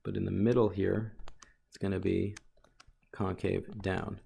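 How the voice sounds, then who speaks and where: A man's voice: sits low, flat delivery, unhurried, gravelly, dark tone, breathy edge. A man teaching a recorded calculus lesson, talking through a graph as he draws and often correcting himself mid-sentence. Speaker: math teacher.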